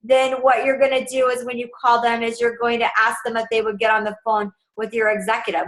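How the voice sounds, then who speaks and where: Bright-voiced woman coaching sales. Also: a little high, fairly even intonation, brisk, few pauses, rough recording. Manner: upbeat, direct, instructional. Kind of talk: casual coaching talk.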